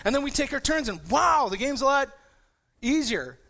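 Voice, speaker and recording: A man in his forties preaching a casual sermon, telling animated personal stories with many restarts and repeated words. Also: very high voice, normal speed, gravelly. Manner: repetitive restarts, animated storytelling.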